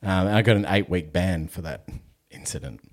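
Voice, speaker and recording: A man's voice: low-pitched, brisk. A young Australian man hosting a podcast, telling a story in casual chat, swearing freely and laughing as he goes. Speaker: podcast host.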